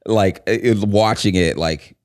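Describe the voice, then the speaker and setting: A man's voice: on the low side, unhurried, a little mellow, smooth, no room sound, clean studio sound. A man co-hosting a comedy podcast, telling rambling stories full of fillers. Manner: rambling storyteller, lots of "like". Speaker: podcast co-host. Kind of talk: casual chat.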